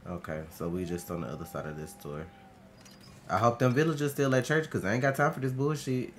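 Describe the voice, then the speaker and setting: A man streaming a horror game, talking to himself in casual, profane, excitable commentary. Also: mid-range voice, fairly quick, slight background noise. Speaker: gaming streamer.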